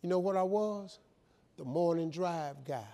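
A man telling a motivational life story, animated and emphatic, acting out both sides of phone calls. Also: fairly high pitch, a little slow.

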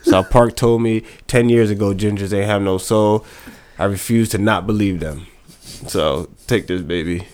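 A man in casual comedic banter, riffing loudly with laughs and cursing. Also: fairly low pitch, steady tone, moderate pace, clear, resonant tone.

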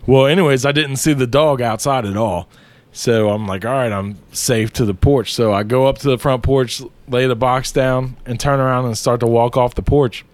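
A man's voice: medium pitch, steady tone, normal speed, a little mellow, no echo. A man who delivers packages, casually telling stories with a lot of laughter and swearing. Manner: profane, laughing storyteller. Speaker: delivery driver. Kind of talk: casual chat.

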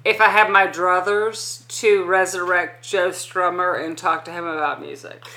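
A woman's voice: lowish voice, steady tone, unhurried, bright, forceful tone. A woman co-hosting a podcast from her dining room, opinionated and playfully argumentative, swearing freely in casual chat. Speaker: podcast co-host.

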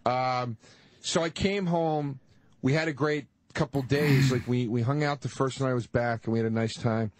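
A man's voice: mid-range voice, fairly even intonation, moderate pace, dry recording. A man in his thirties telling a personal story in casual chat, rambling and hesitant with lots of fillers. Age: 30s. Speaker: podcast co-host.

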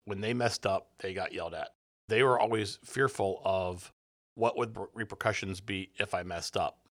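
Man, co-host, lower voice, relaxed, anecdotal, casual chat. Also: moderate pace. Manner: relaxed, tells stories from work and home.

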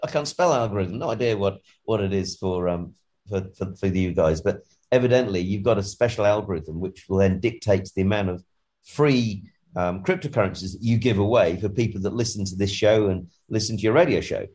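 A man's voice: lowish voice, fairly quick, darkish tone. A man co-hosting a podcast, chatting in a rambling, jokey way with lots of ums and restarts. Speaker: co-host. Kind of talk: casual podcast chat.

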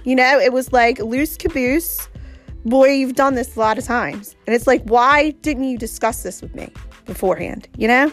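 A woman's voice: a little high, normal speed, soft background music. A woman guest telling a story about her vacation, bluntly and profanely, with lots of animation. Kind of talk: casual storytelling.

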